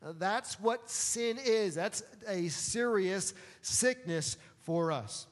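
A man's voice: high-pitched, expressive, takes it slowly. A man preaching a sermon as pastor, earnest and emphatic, calling on the congregation to answer back. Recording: long hall reverb.

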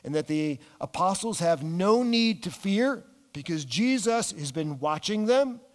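A man preaching a sermon, animated, dropping his voice low and slowing down on key words. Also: long reverb tail. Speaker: pastor.

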